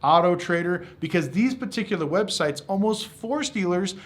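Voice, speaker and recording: A man with a fairly high voice hosts his own channel and talks straight to the viewer about car buying. He is blunt and animated. He slips into short acted exchanges between buyers and sales staff. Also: moderate pace. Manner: blunt, animated, acts out customer and dealer calls. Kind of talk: casual talk to camera.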